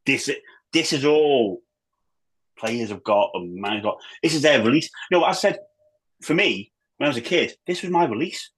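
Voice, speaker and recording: A man, a former footballer and manager, chatting as a podcast guest in an animated, rambling way, full of restarts and the odd swear. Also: medium pitch, moderate pace, husky, low-quality recording. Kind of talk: casual chat.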